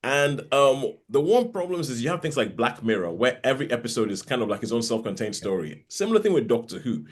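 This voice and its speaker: A man's voice: mid-range voice, sing-song, fast talker, few pauses. A man co-hosting a podcast, chatting casually and rambling with frequent restarts. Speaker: podcast co-host. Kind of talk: casual chat.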